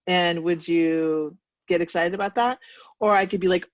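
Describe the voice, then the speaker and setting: A woman's voice: on the low side, steady tone, moderate pace, dry recording, muffled recording. A woman leading a sales team meeting in a casual, chatty way, laughing often and poking fun at herself.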